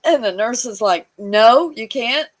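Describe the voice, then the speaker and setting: A woman with a voice on the high side talks a little slowly as she shares her hospital story as a guest in casual conversation, with background noise behind her. She laughs often and lively acts out the voices of those in the story.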